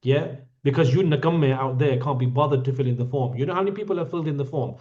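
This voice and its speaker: This man talks fast in a slightly mellow, mid-range voice as he guides a hajj group through an online Q&A. Blunt and playful, he teases and scolds his listeners, and the audio is dull and lo-fi.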